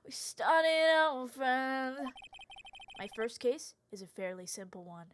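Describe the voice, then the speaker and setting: A woman voicing an earnest young male rookie lawyer, reading his game narration in a low, quiet, sincere voice. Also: expressive, slow pace, a little hiss or hum, exaggerated voice. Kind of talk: reading game narration aloud while streaming.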